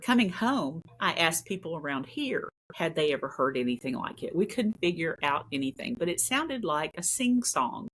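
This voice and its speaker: Low-voiced woman telling a ghost story. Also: very animated, normal speed, hardly any pauses, fairly bright tone. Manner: earnest, repeats phrases for emphasis. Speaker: paranormal investigator guest. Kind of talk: casual storytelling.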